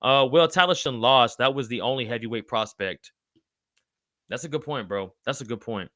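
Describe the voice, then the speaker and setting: Guy hosting a live fight chat, bright punchy voice, dry close mic, bro brother every other word. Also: medium pitch, moderate pace, dry recording. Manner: slangy, calls chatters bro and brother, excitable. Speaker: podcast host reading live chat. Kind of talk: casual live-stream chat.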